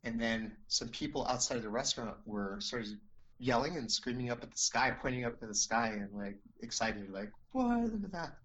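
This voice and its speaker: A man's voice: medium pitch, fairly even intonation, brisk, a bit bright, muffled recording. A man telling a personal story as an interview guest, earnest and rambling, with many restarts and "you know"s.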